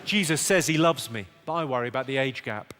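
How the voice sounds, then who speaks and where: A male stand-up comedian, delivering deadpan one-liners with quick asides to a live audience. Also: mid-range voice, big-room sound, very noisy. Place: large theatre stage with audience. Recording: live theatre recording, loud audience. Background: loud audience laughter.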